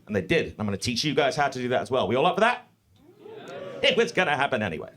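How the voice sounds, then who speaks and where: Animated, foul-mouthed male comedian. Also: mid-range voice, racing. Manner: profane, animated, mock-confident. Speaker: stand-up comedian. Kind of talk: live stand-up set. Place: comedy club stage.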